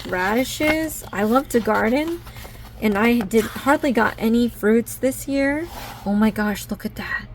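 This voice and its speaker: A woman crafting vlogger talking through a casual unboxing haul, gushing and easily excited over each item. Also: mid-range voice, vocal fry, slight background noise.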